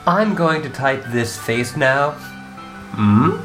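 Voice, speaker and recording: A woman voicing a calm, formal, dryly witty young female troll in a fan reading of chat logs. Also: a bass voice, over music, heavily acted. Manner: measured, formal wording with dry humor.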